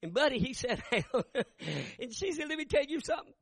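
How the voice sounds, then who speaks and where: An older man preaching a folksy sermon, acting out dialogue and rising to shouts. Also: extremely high pitch, expressive, fairly quick, no room sound. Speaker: Baptist preacher. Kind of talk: sermon storytelling with acted dialogue.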